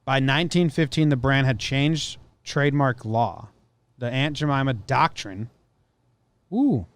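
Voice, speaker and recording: A man's voice: medium pitch, a little slow. A man co-hosting a podcast in a studio, chatting casually with a blunt, joking manner and acting out little scenes. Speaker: podcast co-host. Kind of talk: casual chat.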